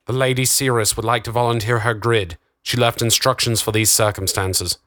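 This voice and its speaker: A man's voice: mid-range voice, fairly even intonation, moderate pace, a bit bright, dry recording, studio quality, natural voice. A man doing a formal guard.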